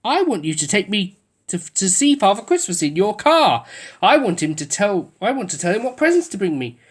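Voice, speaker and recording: A woman's voice: medium pitch, very animated, normal speed, breathy edge. A woman reading a storybook aloud, voicing a spoiled young bear boy with a whiny, demanding manner. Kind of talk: storybook voice acting.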